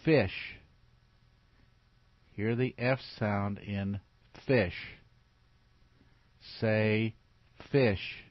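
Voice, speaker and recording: Slow, patient man teaching letter sounds. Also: on the low side, fairly even intonation, dry recording. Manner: slow, patient, repeats sounds for the child to copy. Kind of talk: phonics lesson for young children. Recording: dull, lo-fi recording.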